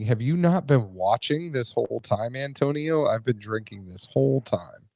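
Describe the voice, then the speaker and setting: A chatty man from New England jokes around with friends in a casual podcast conversation. His voice is mellow and warm, recorded dry and close. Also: mid-range voice, expressive, moderate pace, no echo. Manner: joking, chatty. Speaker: podcast co-host. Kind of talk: casual chat over drinks.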